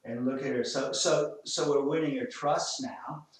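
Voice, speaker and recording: A man's voice: medium pitch, fairly even intonation, unhurried. Australian man training a dog, echoey. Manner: coaxing, gently commanding the dog. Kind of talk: coaching a dog owner during a session. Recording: very echoey, from a distance, faint noise.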